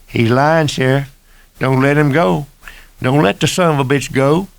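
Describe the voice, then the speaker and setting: A man voicing a loud, accusing small-town male deputy who insists in rustic dialect. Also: medium pitch, unhurried, vocal fry, clean tone, no echo.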